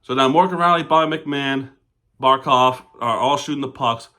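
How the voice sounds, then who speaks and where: A man recaps a hockey game at normal speed in a pushed, bright mid-range voice, speaking as a devoted fan who says "we" and "our." He covers the plays casually but lashes out at the referees with angry swearing.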